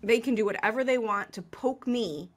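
A middle-aged woman, a business coach, talking in a lively, self-deprecating way with frequent laughs in a conversational interview. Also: a little high, normal speed.

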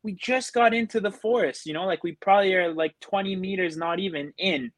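A man's voice: high voice, fairly quick, no echo. A man telling a story as a podcast guest in a casual way, rambling and full of fillers. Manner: rambling, filler-heavy with many likes.

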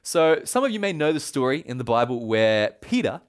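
A man's voice: mid-range voice, big pitch swings, fairly quick. A male pastor preaching a sermon, telling a Bible story with playful, conversational asides.

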